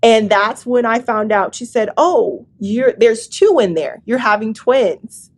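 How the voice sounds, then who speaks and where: A woman's voice: a little high, a little slow. Young woman telling a personal testimony. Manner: emotional, many fillers like "like". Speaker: guest.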